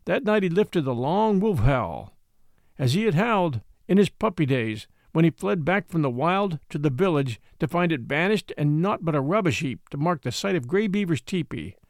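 A man reading a classic novel aloud in measured storytelling style. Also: on the high side, very animated, no echo, studio quality. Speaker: audiobook reader.

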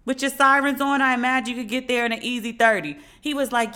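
Animated profane woman podcast host. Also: on the high side, fast talker. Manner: animated, profane, emphatic retelling. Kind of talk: casual storytelling monologue.

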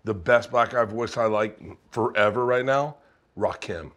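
A man's voice: on the low side, measured pace, a bit bright. A man hosting a casual kitchen chat, talking loosely with lots of swearing and restarts. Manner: loose, profane, rambling with many restarts. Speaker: host.

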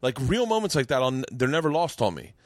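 A man hosting a casual podcast chat with a fellow comedian, telling stories in an animated, swearing way with stammering restarts. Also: mid-range voice, fast, no room sound, studio quality. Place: home mancave.

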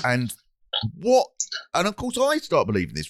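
British comedy podcast host, middle-aged man; lively, sweary rambles, dry recording. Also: on the high side, normal speed, long pauses, dry recording. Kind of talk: casual chat.

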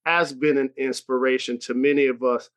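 A man's voice: medium pitch, flat delivery, normal speed, smooth. A man hosting a podcast, asking questions in an earnest, supportive way. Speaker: podcast host. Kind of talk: interview questions.

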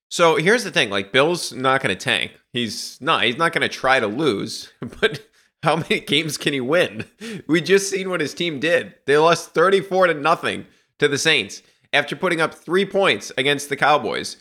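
A man hosting a sports podcast, talking bluntly and animatedly about his team. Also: mid-range voice. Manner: blunt, animated, laughs while ranting. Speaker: podcast host. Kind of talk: casual sports talk.

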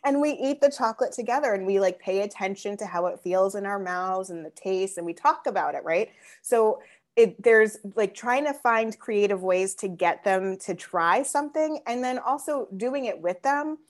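A woman speaking as a guest therapist in a casual interview, animated and laughing often. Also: mid-range voice, normal speed.

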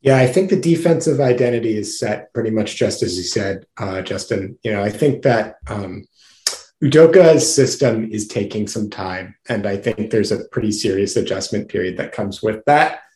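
A man on a podcast panel, relaxed and thoughtful as he analyzes the game. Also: on the low side, normal speed. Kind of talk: casual sports analysis. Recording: echoey room.

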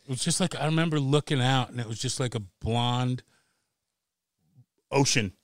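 A middle-aged man, a podcast guest, telling a wild story in a casual, animated way, swearing freely and laughing as he goes. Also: mid-range voice, moderate pace, no room sound.

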